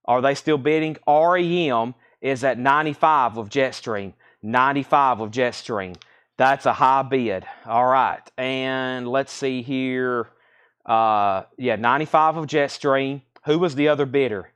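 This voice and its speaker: A man hosting a live record sale, rattling off titles and prices in brisk auctioneer patter, a bit out of breath. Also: medium pitch, a bit bright, clean tone.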